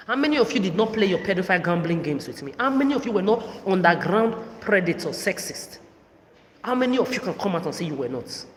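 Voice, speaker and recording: A woman in her thirties delivering an angry, profane, accusatory solo monologue as a podcast host. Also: lowish voice. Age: 30s. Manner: furious, profane, accusatory ranting. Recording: reverberant room, faint background noise.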